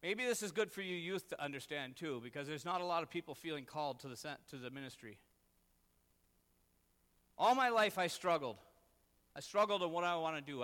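A man's voice: on the high side, fairly bright tone, big-room sound. A man, preaching a sermon as a pastor and telling a personal story in an earnest, self-deprecating way.

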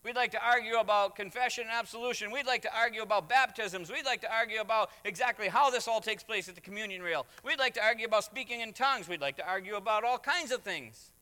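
High, bright-voiced preacher in a hall. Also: male voice, quick pace, hardly any pauses. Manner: emphatic, with acted asides and rising refrains. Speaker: pastor. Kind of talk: sermon. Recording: reverberant hall.

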